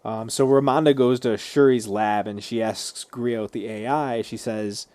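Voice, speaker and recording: A male podcast co-host walking through scenes in a steady, easygoing manner. His voice is mellow and warm, recorded dry and close with no room sound. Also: mid-range voice, a little slow, hardly any pauses, no room sound. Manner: steady, easygoing, lots of agreeing "yeah". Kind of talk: casual chat, recapping scenes.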